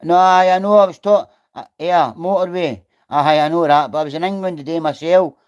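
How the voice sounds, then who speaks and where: A man's voice: fairly high pitch, fairly quick, clear, resonant tone. Blunt Scottish man on a livestream. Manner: blunt, swearing, talks straight to viewers. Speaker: livestreamer reading chat. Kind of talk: casual livestream chat.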